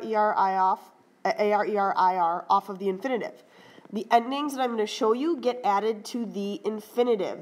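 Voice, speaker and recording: A woman teaching Spanish grammar in a brisk, firm lecture, often checking in with "right?" and "okay?". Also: medium pitch, a little hiss or hum, low-quality recording. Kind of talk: classroom lecture over slides.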